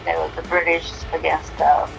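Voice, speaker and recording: An older woman talking with her son on a phone call, speaking in a slow, hesitant way that trails off. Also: deep voice, completely flat delivery, gravelly, faint music behind. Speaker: streamer's mother. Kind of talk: casual phone chat.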